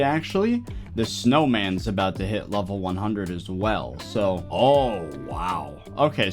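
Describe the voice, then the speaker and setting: A young man giving casual gameplay commentary, excitable, gasping and shrieking when something rare turns up. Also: lowish voice. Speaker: gaming YouTuber.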